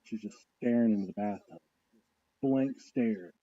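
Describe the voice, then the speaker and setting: A man's voice: fairly low pitch, a little slow, slightly rough, no room sound. A man co-hosting a casual podcast, telling stories with lots of laughs and swearing. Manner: storytelling, laughs often, acts out quotes. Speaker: podcast co-host. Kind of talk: casual profane chat. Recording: dull lo-fi audio.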